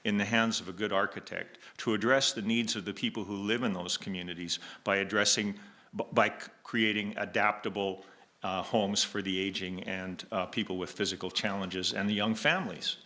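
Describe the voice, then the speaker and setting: A man making his case in a live public debate, deliberate with some restarts. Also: fairly low pitch, steady tone, sharp tone. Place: lecture hall with audience.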